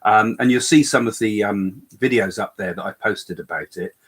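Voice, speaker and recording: Husky older man chatting, full of fillers. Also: fairly low pitch, moderate pace. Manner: rambling, many fillers and restarts. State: slight cough. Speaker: co-host medium. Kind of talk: casual live chat.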